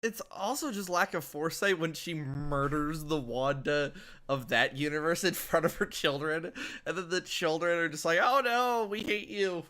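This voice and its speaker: Bright, laughing podcast man. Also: a little high, normal speed. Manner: laughs often, incredulous, swears. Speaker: podcast co-host. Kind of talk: casual chat.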